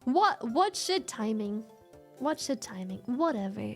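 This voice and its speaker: A woman streamer chatting casually, telling a story in an animated, profane way and laughing often. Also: on the high side, unhurried, faint music behind. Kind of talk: casual livestream chat.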